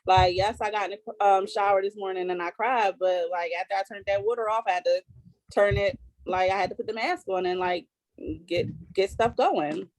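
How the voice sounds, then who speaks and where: Medium-pitched and darkish, a woman's voice is captured in a low-quality recording with no echo. In her thirties, she co-hosts a casual chat about being a mother, speaking candidly and emotionally, halting with many fillers and restarts.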